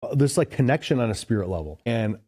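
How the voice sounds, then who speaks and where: A man's voice: medium pitch, animated, quick pace, warm tone, no room sound, clean studio sound. A man from Chicago, a podcast guest, telling a long story in a loose, rambling way, full of "like" and "dude". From Chicago, USA. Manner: rambling, heavy use of "like" and "dude". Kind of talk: casual storytelling.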